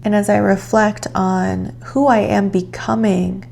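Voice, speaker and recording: A woman giving a calm, reflective tarot reading, guiding the listener gently. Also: medium pitch, measured pace, creaky, faint music behind. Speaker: tarot reader.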